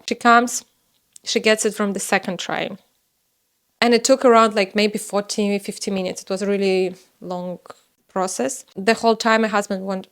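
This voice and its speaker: A young woman whose first language is Russian, telling a personal story in a casual, animated way, with sudden high exclamations. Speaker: vlogger telling her birth story.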